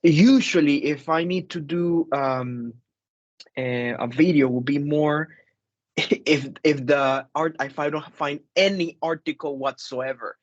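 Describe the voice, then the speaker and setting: A man's voice: on the high side, slow, no room sound, muffled recording. Man leading a casual group discussion. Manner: conversational, repeats phrases, frequent fillers. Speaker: course instructor leading a book discussion.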